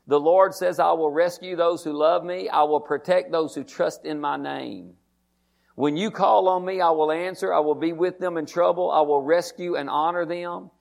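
A man's voice: a little high, vocal fry. A man, a pastor preaching a sermon, reading scripture aloud and calling out to his congregation.

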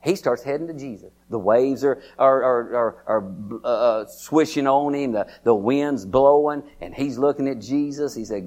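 Preaching at normal speed with barely any pauses, a man gives a folksy, repetitive sermon. He calls out to listeners by name often, and his pitch rises high with excitement as he goes.

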